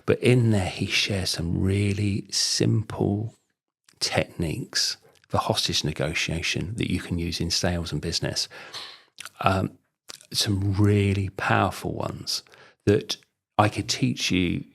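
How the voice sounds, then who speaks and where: Man, middle-aged, very deep voice, rough fry, rambling chatty talk. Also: slow pace, a bit bright. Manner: chatty, rambling, many "you know" fillers. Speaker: sales trainer guest. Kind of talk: casual conversational interview.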